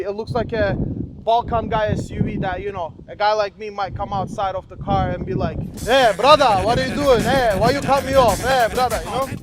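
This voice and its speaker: A man's voice: sits high, slight background noise. A man in his twenties reviewing a car in a casual, joking way, full of slang like "bro".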